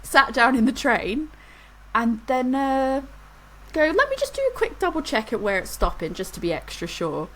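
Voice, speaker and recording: A woman's voice: high-pitched, sing-song, moderate pace, poor audio. A woman, co-hosting a podcast and telling a rambling story in casual chat. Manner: rambling storyteller, laughs through anecdotes. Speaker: podcast co-host.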